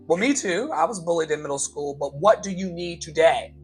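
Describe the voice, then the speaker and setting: A man coaching his listeners in a live motivational talk, repeating key lines slowly for emphasis and calling them beloved. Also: a little high, a bit bright, slightly rough, faint music behind, poor audio. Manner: emphatic, slow repetitions for effect. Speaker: life coach and show host.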